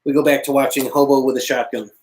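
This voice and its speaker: Male co-host, loose jokey chat, average-pitched voice. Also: flat delivery, fast, a little mellow, low-quality recording. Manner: joking, laughs often. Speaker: podcast co-host. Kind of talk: casual banter.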